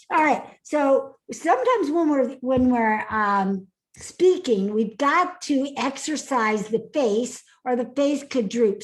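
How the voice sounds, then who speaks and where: This woman's voice sits up high as she coaches a live online class over a video call. She is upbeat, laughs easily, and keeps calling on attendees by name. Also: rough recording. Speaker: speaking coach.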